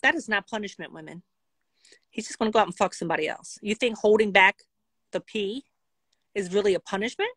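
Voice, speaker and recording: A woman telling a casual storytime vlog in a blunt, profane and animated way. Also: mid-range voice, brisk, pauses often, breathy edge, dry recording. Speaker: vlogger.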